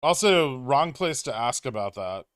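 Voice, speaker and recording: A man talks casually to his livestream viewers. He answers their questions in a wry, offhand manner and often thinks out loud, restarting his sentences. His voice sits at an ordinary pitch and is recorded close and dry, with no room echo. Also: big pitch swings, a little slow. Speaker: stock trading livestream host.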